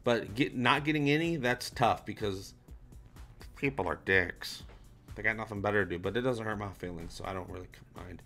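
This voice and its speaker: Bright-voiced male livestream host. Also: on the low side, normal speed, faint music behind. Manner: loose, chatty, swears casually. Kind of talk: casual live chat reading viewer comments.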